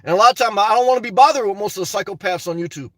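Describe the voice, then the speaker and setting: A man's voice: sits high, very fast, no echo. A man venting and telling stories to his viewers in a rambling, casual monologue, often calling them "guys.". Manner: rambling, storytelling, frequent "guys" asides and laughs. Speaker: YouTuber.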